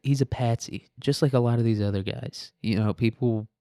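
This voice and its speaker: A man's voice: medium pitch, moderate pace, warm tone, no room sound, studio quality. A man hosting casual current-events commentary, talking in a crude, blunt, sarcastic way. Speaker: podcast host.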